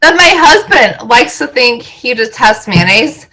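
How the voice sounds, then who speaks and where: A woman co-hosting a casual podcast, blunt and animated, swearing freely as she tells stories. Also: fairly high pitch, unhurried, poor audio. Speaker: podcast co-host. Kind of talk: casual chat.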